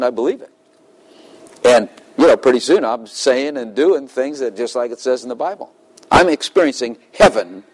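A middle-aged man preaching in a relaxed, chatty way. He laughs often and slips into short acted-out exchanges with God, and his pitch sits in an ordinary middle range for a man. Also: poor audio. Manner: conversational, laughs often, acts out dialogues with God. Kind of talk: sermon.

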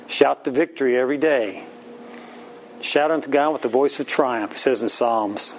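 A man's voice: mid-range voice, moderate pace, a little hiss or hum, low-quality recording. A middle-aged man preaching an informal sermon in a folksy, plain-spoken way, often laughing.

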